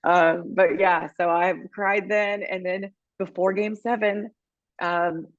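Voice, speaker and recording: A middle-aged woman talks in a casual podcast chat, rambling and emotional, with restarts. Her voice sits a little low for a woman. The sound is dry and a bit dull. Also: fairly even intonation, takes it slowly, dry recording. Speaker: podcast co-host and baseball team reporter.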